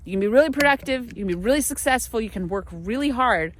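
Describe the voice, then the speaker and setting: A young American woman chatting casually to camera from her small apartment, animated and a little exasperated. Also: on the high side, fast, slight background noise. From United States. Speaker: vlogger.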